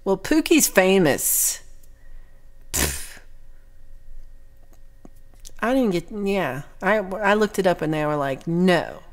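A woman's voice: on the low side, sing-song, takes it slowly. A young woman chatting casually with her livestream viewers, reading their comments aloud in a rambling, playful way with lots of ums and little laughs.

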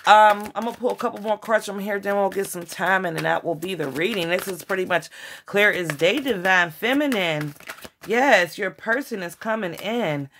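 A woman giving a casual tarot reading, emotional and excitable, with slangy chat. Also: mid-range voice. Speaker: tarot reader.

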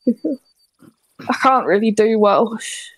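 A bubbly British woman chatting on a gaming stream, breaking into giggles often. Her voice sits fairly high. The sound is dry and close. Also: moderate pace, husky, no room sound. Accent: British English. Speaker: streamer host. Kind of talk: casual gaming stream chat.

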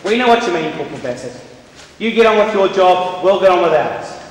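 A young New Zealand man plays a hard-bitten officer snapping out curt, sardonic orders in a fairly high voice. He sounds distant, caught from the audience in a long, echoing hall with a faint hiss. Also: lively intonation, a little fast. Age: young adult. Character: stern, embittered male army officer leading his men. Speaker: stage actor. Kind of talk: school stage play. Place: school theatre stage. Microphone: distant audience recorder.

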